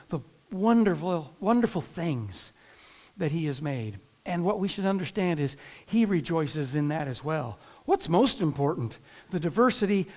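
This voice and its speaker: A man with a high voice preaches a sermon in a chatty, informal way, with restarts and asides to his listeners. He is from northern Indiana and pastors his congregation. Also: darkish tone.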